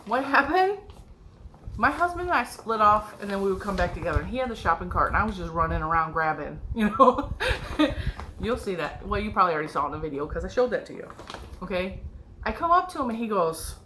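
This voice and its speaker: A woman's voice: mid-range voice, very animated, fast, sharp tone, a little hiss or hum, low-quality recording. Bubbly nasal woman showing off yarn. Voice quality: nasal from a cold. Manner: bubbly, gushing, laughs often. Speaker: yarn and crochet vlogger. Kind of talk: excited casual show-and-tell.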